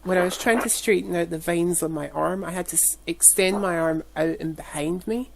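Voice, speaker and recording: A woman in casual podcast chat, telling animated stories and quoting herself. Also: lowish voice, brisk, vocal fry. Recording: crowd noise behind.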